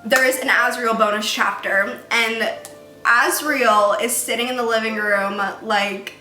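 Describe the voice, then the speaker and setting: A woman giving a casual, rambling book review rant, excitedly retelling scenes with lots of "like". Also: fairly high pitch, measured pace, soft background music. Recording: echoey room.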